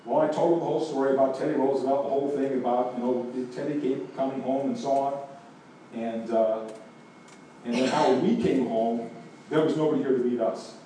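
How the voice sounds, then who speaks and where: A man preaching a sermon as pastor, telling stories and swinging from hushed moments to emphatic ones. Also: mid-range voice, fairly even intonation, brisk, slight background noise. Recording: echoey room, voice from a distance.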